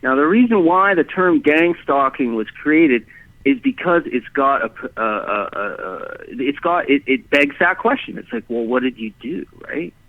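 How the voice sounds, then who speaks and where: A man telling his own story as a guest, halting and animated, with many restarts and fillers. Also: fairly high pitch, no room sound. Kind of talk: rambling first-person storytelling. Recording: dry tinny phone line.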